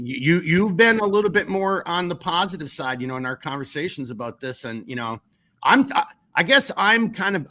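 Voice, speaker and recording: A man's voice: a little high, pushed and bright. A man with a Minnesotan accent hosting a casual political podcast, rambling with many restarts and casual swearing. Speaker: podcast host.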